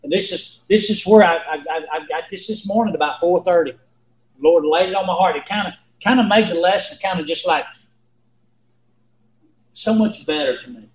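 A man's voice: high-pitched, moderate pace, roomy sound, poor audio. A man teaching a Bible lesson in a folksy, earnest way, repeating himself and asking his listeners questions. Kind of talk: sermon.

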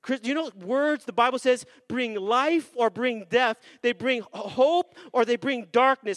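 A male pastor delivers an energetic sermon, his voice sitting unusually high for a man. He drives home points with call-and-response and slows down on key phrases. The sound is dry and close, with little room around it. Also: no echo. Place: church sanctuary.

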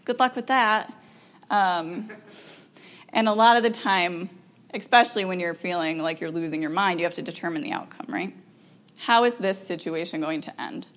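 Animated woman counselor talking to parents. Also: lowish voice, moderate pace. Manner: animated, acts out quoted parent and child lines; chatty with frequent ums and laughs. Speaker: parenting counselor giving a workshop. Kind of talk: informal talk to parents.

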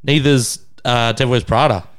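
This Australian co-host, in his thirties, speaks at a moderate pace in a steady, medium-pitched voice that's a bit bright, clear and resonant. On the casual podcast he laughs through crude stories, impersonating the people he describes.

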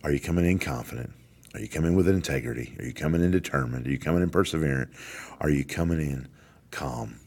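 Very deep-voiced man giving a pep talk. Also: quick pace, darkish tone. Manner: emphatic, repeats key phrases. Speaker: podcast host, corrections warden. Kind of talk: motivational talk.

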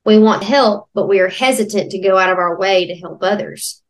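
A woman's voice: mid-range voice, fairly quick. A young adult woman co-hosting a faith podcast who tells heartfelt stories in a chatty way. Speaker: podcast co-host. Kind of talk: casual faith podcast chat.

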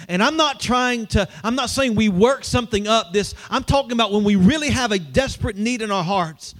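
A man's voice: high-pitched, animated, moderate pace, hardly any pauses, fairly bright tone. A male pastor preaching a sermon in a church, in a conversational way, asking the congregation questions.

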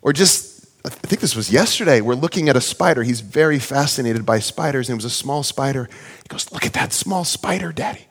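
A man in his thirties preaching a sermon, earnest and storytelling, sometimes playfully animated. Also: mid-range voice, a little fast, in a large hall. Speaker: pastor.

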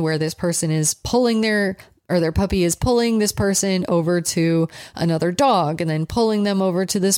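A woman dog trainer talks through her advice in a frank, direct, conversational way. Her voice sits a little low, and the sound is close and dry with no room echo. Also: a little mellow. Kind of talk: casual advice monologue.

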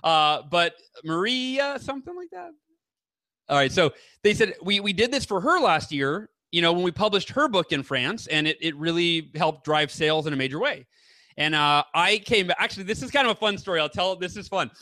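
High bright-voiced enthusiastic man. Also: lively intonation, moderate pace, dry recording. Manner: enthusiastic, rambling storyteller. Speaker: author and guest. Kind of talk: casual interview chat.

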